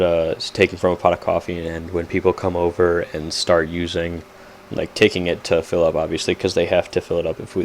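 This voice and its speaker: Very deep-voiced young man rambling. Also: darkish tone, slight background noise. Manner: rambling, loses track, frequent "like" fillers; self-mocking humor. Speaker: podcast host. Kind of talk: casual rambling solo podcast.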